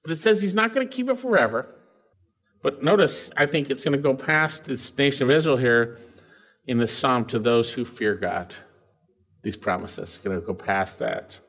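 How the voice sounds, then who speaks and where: Emphatic preacher with a lively voice. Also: male voice, moderate pace. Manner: emphatic, swings from loud highs to quiet lows; reads scripture aloud and asks the congregation questions. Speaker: pastor. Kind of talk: verse-by-verse sermon.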